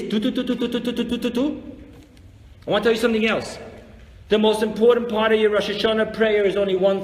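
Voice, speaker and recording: A man, a rabbi, teaching a live weekly religious class, animated and full of rhetorical questions, acting out grumbling voices. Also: high voice. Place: lecture room before a live audience. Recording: echoey hall with long reverb, faint noise.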